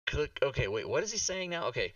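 A man's voice: medium pitch, very animated, fast, fairly bright tone, distant mic, highs cut off. A man hosting a casual talk show livestream, exasperated and swearing, with many restarts.

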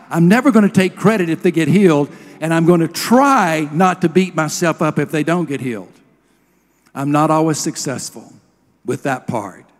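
Earnest middle-aged preacher in a reverberant hall. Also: male voice, sits high. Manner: earnest storytelling, drops to a hush at emotional moments. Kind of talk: sermon.

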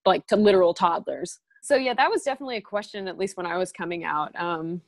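A woman's voice: on the low side, quick pace. A young adult woman who is a guest on a podcast. She banters in a playful, joking way. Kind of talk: casual chat.

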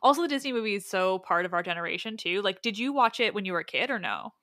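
A woman's voice: medium pitch, lively intonation, fast talker, a bit bright, no room sound. Chatty woman podcast host, dry close sound. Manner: enthusiastic, ranting, swears casually. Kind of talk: casual podcast chat.

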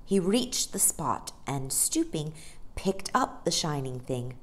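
A woman reads a children's storybook aloud, slow and unhurried. Her low voice rises and falls widely, dramatic and expressive with every line. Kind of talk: scripted narration.

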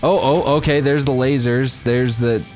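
A young man commenting on a game as he plays, giddy and breaking into high-pitched squeals of surprise. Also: fairly even intonation, measured pace, darkish tone, soft background music. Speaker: gameplay commentator. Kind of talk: excited let's-play commentary.

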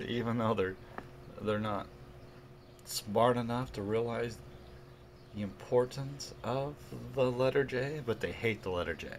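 Slow, emphatic male preacher. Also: mid-range voice, a little hiss or hum. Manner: slow, emphatic scripture reading with mocking asides. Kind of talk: video sermon commentary.

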